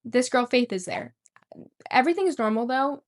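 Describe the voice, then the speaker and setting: A woman's voice: on the high side, expressive, normal speed. A young woman vlogger telling a rambling story and swearing casually. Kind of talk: storytime vlog.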